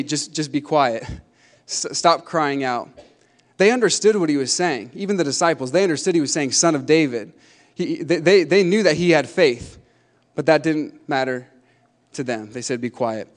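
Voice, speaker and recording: A young man preaching a sermon, animated and emphatic, building to loud climaxes. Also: fairly high pitch. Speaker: pastor.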